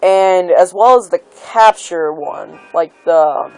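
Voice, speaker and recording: A woman's voice: fairly low pitch, slow, a little mellow, dry recording, faint music behind, rough recording. A woman giving a heated opinion rant about a video game, full of exasperation and many "like" and "um" fillers. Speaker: gaming video maker.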